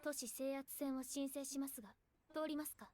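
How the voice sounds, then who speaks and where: A woman's voice: high-pitched, fairly even intonation, fast talker, a little mellow, no echo, close to an everyday voice. A woman voicing a composed, businesslike young woman in a visual novel, speaking curtly and formally. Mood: cool. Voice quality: curt, formal.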